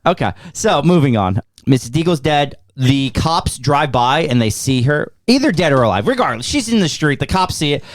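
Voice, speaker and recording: A man hosts a relaxed podcast and recaps a film's plot point by point. His pitch moves around a lot. The sound is dry and close. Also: normal speed, hardly any pauses, dry recording. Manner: recaps the plot scene by scene, animated. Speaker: podcast host. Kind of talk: casual movie review chat.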